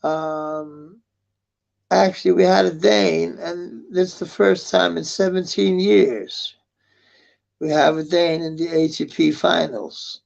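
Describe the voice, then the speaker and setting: A man's voice: on the high side, fairly even intonation, slow, gravelly. A man, rambling in a casual live chat with viewers, swearing often and laughing at comments. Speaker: livestreamer. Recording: muffled lo-fi stream audio.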